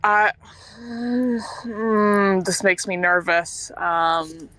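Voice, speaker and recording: A woman's voice: mid-range voice, flat delivery, extremely slow, sharp tone, no echo. Hesitant woman player thinking aloud. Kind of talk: casual game chat.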